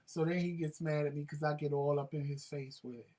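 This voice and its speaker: A man's voice: fairly high pitch, quick pace, background noise. A man co-hosting a talk show, telling a home story in casual chat and acting out the voices in it. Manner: animated, acts out voices in anecdotes.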